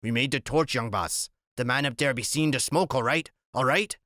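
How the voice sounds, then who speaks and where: A man voicing a calm, protective old West Indian seaman in an audiobook reading. He speaks in a gentle, steady dialect. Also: medium pitch, moderate pace, no room sound, studio quality, natural voice. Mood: urgent.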